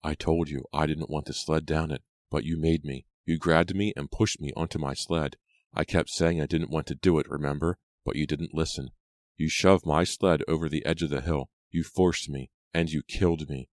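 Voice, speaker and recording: A man's voice: very deep voice, fairly even intonation, normal speed, darkish tone, no echo. A man reading the part of a cruel, vengeful teenage girl ghost in an audiobook, with a mocking, gloating manner. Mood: menacing.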